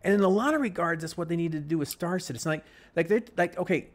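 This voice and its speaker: A man hosting a casual gaming chat while he plays, rambling and full of restarts and animated complaints. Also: a little high, fast. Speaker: gaming podcast host.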